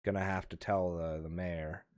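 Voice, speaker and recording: A weary innkeeper woman, as a game master puts her on for a tabletop game. She sighs and speaks haltingly, quietly and low, stern but kind to the strangers in front of her. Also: flat delivery, no echo, studio quality, lightly acted. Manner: sighing, tired, halting.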